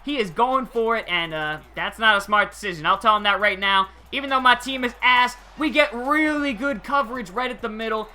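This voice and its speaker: A young man giving casual, excitable gameplay commentary over a football video game, using slang and chuckling often. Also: high voice, fairly quick, hardly any pauses. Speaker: gaming channel host.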